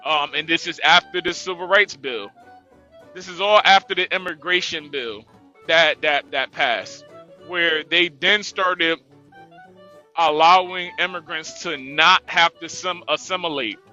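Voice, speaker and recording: A man's voice: a little high, a little slow, sharp tone, dull audio, faint music behind. A man speaking on an online panel, stumbling at the start of thoughts and then explaining at length.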